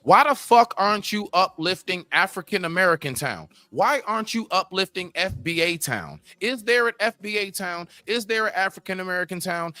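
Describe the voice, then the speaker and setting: A man's voice: sits high, pushed and bright, dry recording. A man hosting a stream, giving a profane, ranting reaction commentary to a clip and talking straight to his viewers.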